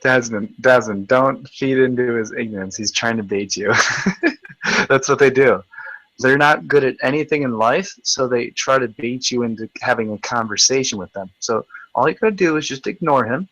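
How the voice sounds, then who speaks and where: A man's voice: mid-range voice, moderate pace, a bit bright, no room sound, poor audio. A man hosting a live video chat, ranting in a combative, profane, taunting way. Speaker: livestream host.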